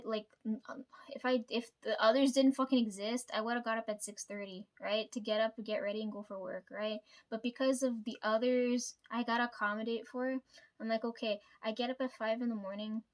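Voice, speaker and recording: A young woman vlogging casually to her viewers, venting about family with lots of swearing and "right?" tags. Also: fairly high pitch. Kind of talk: casual personal vlog.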